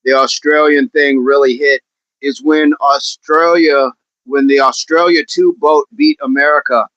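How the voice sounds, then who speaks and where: A man's voice: medium pitch, fairly bright tone, no room sound, muffled recording. A man hosting a casual fitness livestream, chatting with viewers in a rambling way and laughing often.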